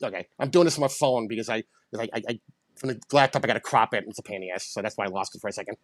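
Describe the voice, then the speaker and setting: A man voicing a lovelorn male puppet, talking fast in a high, stammering puppet voice. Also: no echo, natural voice. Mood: bantering. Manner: fast, stammering, laughing self-defense. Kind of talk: casual chat.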